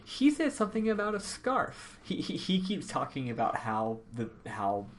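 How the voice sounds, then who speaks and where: A man's voice: on the high side, huge pitch swings, moderate pace, slight background noise. Rambling, chatty male podcast host. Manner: rambling and chatty, lots of um and uh, laughs easily. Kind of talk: casual game recap chat.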